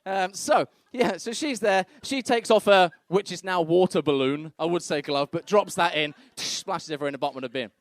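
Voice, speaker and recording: Here the young comic speaks in a high voice, fairly quickly and with hardly any pauses, and there's no room sound. He delivers crude tales brashly during his stand-up set, imitating the other characters.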